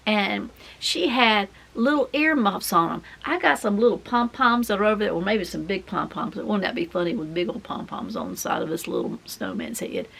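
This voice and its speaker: A woman's voice: mid-range voice, creaky, sharp tone. A middle-aged woman, chatting in a folksy, rambling way as she works on a craft project. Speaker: craft vlogger. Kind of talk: casual chat while crafting.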